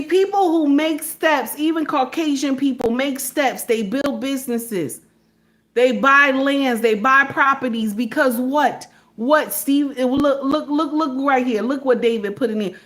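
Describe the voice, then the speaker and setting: A woman's voice: high-pitched, unhurried, a bit bright. A woman giving a preachy commentary monologue, firing rhetorical questions at her listeners and calling them her sisters. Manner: emphatic, asks rhetorical questions of her audience; addresses listeners as sisters, sermon-like. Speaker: online commentator.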